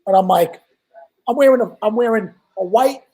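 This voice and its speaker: A man from Staten Island with a New York accent, telling a profane, animated anecdote as a guest in casual chat. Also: high voice, moderate pace, slightly rough, rough recording. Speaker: guest storyteller.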